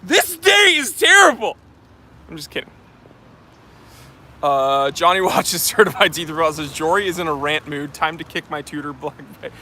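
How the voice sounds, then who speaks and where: Streamer host, male, fairly high voice, put-on posh English accent, rambling joker, phone on tripod outdoors. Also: fairly even intonation, moderate pace, pushed and bright. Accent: affected posh English. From New Hampshire, US. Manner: joking, rambling, with frequent fillers. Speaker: channel host reading live chat. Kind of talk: casual livestream chat. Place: outdoors on a street. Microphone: phone on a handheld tripod.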